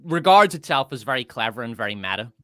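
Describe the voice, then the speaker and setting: Bright, dry-voiced sarcastic man. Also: medium pitch, big pitch swings, fast, smooth, no room sound. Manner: mocking, sarcastic, worked up. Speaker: co-host on a livestream. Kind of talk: sarcastic casual chat.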